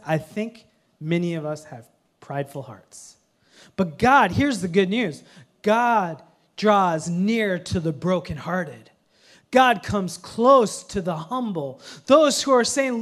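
Man preaching with lively family humor. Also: high voice. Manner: conversational preaching with humorous family stories, swings from hushed to loud. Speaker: pastor. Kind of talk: sermon.

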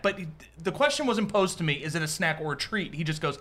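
A man's voice: on the high side, fast, a bit bright. A man co-hosting a casual podcast, telling a story and acting out his friends' lines. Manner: storytelling, acts out friends' voices. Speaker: podcast co-host.

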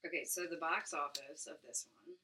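A woman co-hosting a casual podcast, chatting loosely and giggling as she goes. Her voice is bright and forceful with a slightly low pitch. She sits a bit back from the microphone, so she sounds somewhat distant. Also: fairly even intonation, moderate pace, a little hiss or hum. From United States. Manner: giggly, trails off mid-sentence. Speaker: podcast co-host. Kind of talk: casual chat.

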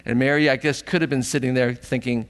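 A man's voice: medium pitch, fairly even intonation, fast talker, long reverb tail. A man preaching a sermon as pastor, earnest and emotional, often asking the congregation questions, at times tearful.

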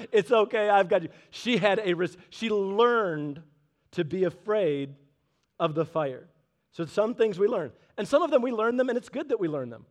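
High-pitched preacher guy, thirties, tells funny family stories in his sermon. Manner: lively storyteller with joking asides. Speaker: pastor.

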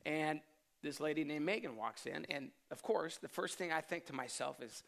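A man in his thirties, a pastor telling a lively personal story in a sermon and laughing often as he goes. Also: on the high side, moderate pace, gravelly. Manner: animated storyteller, self-deprecating, laughs often.

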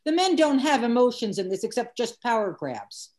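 Brief: thoughtful woman weighing in on a play, higher voice. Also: big pitch swings, normal speed, darkish tone. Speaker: play reading participant. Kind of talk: casual literary discussion.

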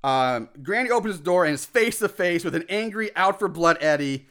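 A man casually recapping a film plot as a podcast host, animated, acting out shouted lines and laughing often. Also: sits high, moderate pace. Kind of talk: casual chat.

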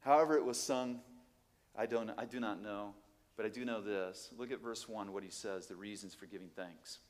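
Animated male preacher. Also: normal speed, long reverb tail. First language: Portuguese. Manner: animated, emphatic, swings from low asides to loud exclamations, rhetorical questions. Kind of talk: sermon.

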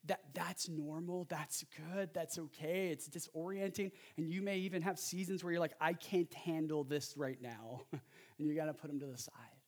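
A man delivers a sermon in a casual, conversational tone, full of asides and self-deprecating humor. His voice sits a little on the high side and moves with animated energy. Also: moderate pace. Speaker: pastor.

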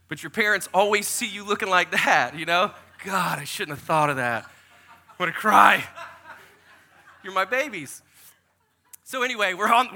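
Male pastor, forties, high voice, sermon, animated storytelling. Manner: animated, jokey storyteller who acts out quotes.

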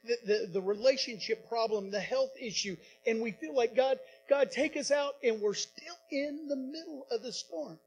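A man preaches with a strikingly high voice, pausing and repeating phrases for emphasis. His delivery swells and drops as he addresses the congregation, while a faint hum sits under the recording. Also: rough recording. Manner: impassioned preaching with dramatic pauses and repetitions. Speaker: pastor. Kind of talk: sermon.

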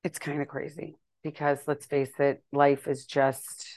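A woman's voice: extremely low pitch, completely flat delivery, a little slow, a little mellow, no room sound. A middle-aged woman hosting her own podcast, rambling and self-deprecating in a casual monologue. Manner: chatty, rambling, self-deprecating, acts out quoted exchanges. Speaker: podcast host.

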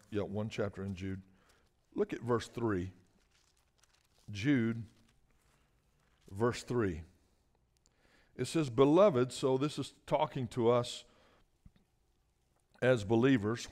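A man's voice: medium pitch, darkish tone. A man preaching a sermon as a guest speaker. He talks emphatically, often repeats words and asks the room for an "Amen?".

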